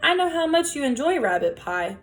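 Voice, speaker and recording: A woman voicing a huge, kindly bearded man of the road who speaks in gentle, formal phrases. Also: sits high, sing-song, a little fast, voice pushed up. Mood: genial. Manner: courtly, gentle, wordy.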